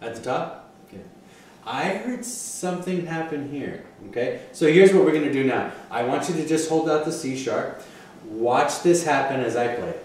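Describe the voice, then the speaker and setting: A man's voice: fairly high pitch, normal speed, darkish tone. Male music teacher, encouraging lesson delivery, counts beats aloud; distant mic, very reverberant room. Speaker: clarinet teacher. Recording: echoey room from a distance, faint noise.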